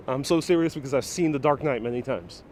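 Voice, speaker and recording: A man's voice: medium pitch, darkish tone, slight background noise. Playful sarcastic man on a city street. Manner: sarcastic, playful, laughs often. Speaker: live-stream host. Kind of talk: joking live walking stream. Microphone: wireless lapel mic.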